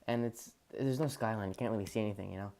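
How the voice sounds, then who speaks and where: Quick, laid-back podcast co-host man. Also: fairly low pitch, dark tone. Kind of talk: casual chat.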